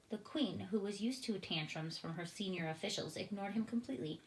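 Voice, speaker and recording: A woman teacher narrating a storybook aloud with steady, expressive reading. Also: mid-range voice, brisk, few pauses. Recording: roomy echoing room.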